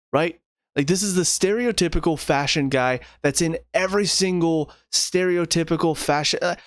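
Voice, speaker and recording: A man's voice: fairly high pitch, dry recording, studio quality. A man giving a casual spoken review of a TV show in a sarcastic, rambling way, often restarting his sentences.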